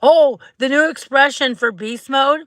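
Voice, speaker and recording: Sitting in her parked car, a woman hosts a casual livestream at a measured pace, her fairly bright voice picked up by a phone held close. She's bubbly and talkative, acting out quotes in squeaky voices, and the audio has no room sound.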